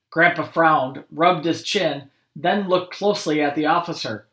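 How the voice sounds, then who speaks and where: A man, a school principal, reading a picture book aloud to children and chatting gently in asides. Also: on the high side, measured pace, few pauses. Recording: roomy echo.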